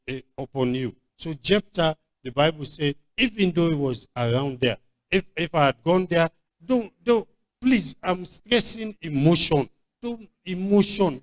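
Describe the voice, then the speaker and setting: A man with a Nigerian accent preaching a sermon as pastor, emphatic and repetitive, with frequent stop-start restarts. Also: a little high. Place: church convention hall.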